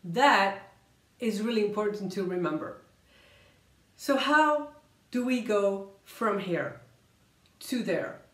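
A woman coaching viewers in a motivational vlog, emphatic and energetic, repeating words for emphasis and slowing down to stress key points. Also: mid-range voice, roomy sound. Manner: usually talks fast, slows down to stress key points. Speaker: career coach and vlogger. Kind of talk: motivational vlog talk to camera.

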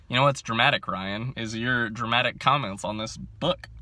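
Excitable young man, bright voice. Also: medium pitch, normal speed, few pauses. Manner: excitable, laughs often, self-mocking. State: overcaffeinated. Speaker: book vlogger. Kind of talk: casual chat to camera. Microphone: handheld phone.

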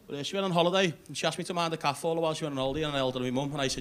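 A male comedian with a Liverpool accent, telling cheeky stories in a deadpan way and chatting with the crowd. His voice sits a little high for a man. It is recorded live on a club stage over heavy room noise. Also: racing. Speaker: stand-up comedian.

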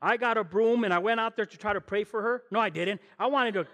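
A man preaching an animated sermon as guest pastor, telling stories and talking directly to the congregation. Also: high-pitched, fast, big-room sound. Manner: storytelling, acts out voices, addresses the congregation. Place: church.

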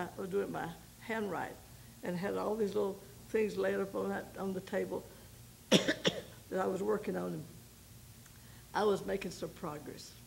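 An older woman, a missionary, giving a folksy personal testimony to a women's group, telling her story with pauses and repeated starts. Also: medium pitch, gravelly, a little hiss or hum, rough recording. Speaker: missionary speaker.

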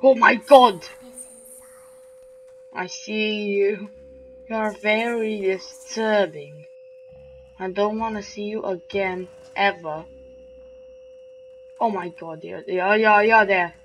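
A woman's voice: mid-range voice, fairly even intonation, slow pace, pauses often, faint music behind. A woman giving let's-play commentary on a horror game, jumpy and swearing, taunting the game's characters. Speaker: gamer playing a horror game.

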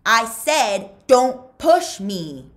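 A woman's voice: fairly high pitch, big pitch swings, measured pace, pitched above the performer's own voice. A woman voicing a pushy teenage boy bully who taunts and insists, in a storybook reading. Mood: aggressive.

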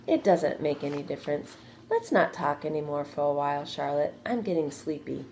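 A woman's voice: lively intonation, normal speed, darkish tone, slight background noise. A woman voicing a young, anxious and eager male pig in a read-aloud storybook, earnest and pleading. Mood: sleepy. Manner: earnest, pleading, higher than her narration.

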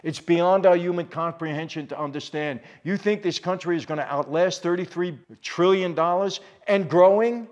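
An older man speaking straight to his viewers in a fired-up commentary. His voice sits a little high for a man, and he hammers points by repeating them. He keeps turning to the audience with direct appeals. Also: dull audio. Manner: worked up, emphatic, repeats phrases for force; addresses viewers directly as "people". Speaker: channel host. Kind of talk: impassioned commentary to camera.

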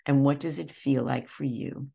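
An older woman, a therapist and teacher, telling stories in an interview in a lively way, with many restarts. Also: extremely low pitch, normal speed, creaky, breathy edge. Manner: warm, animated anecdotes with many restarts. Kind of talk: conversational storytelling.

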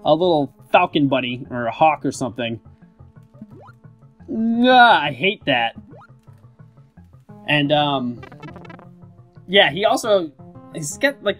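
A man's voice: on the high side, a bit bright. A man giving rambling, casual commentary while playing a video game, often swearing. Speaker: gaming YouTuber. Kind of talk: casual let's-play commentary.

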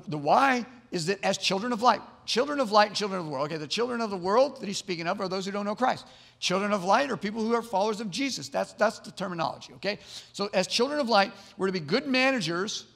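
A man's voice: high-pitched, vocal fry, fairly bright tone, long reverb tail. A man preaching a sermon as pastor, earnest, often repeating words as he builds to emphatic points. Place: church sanctuary.

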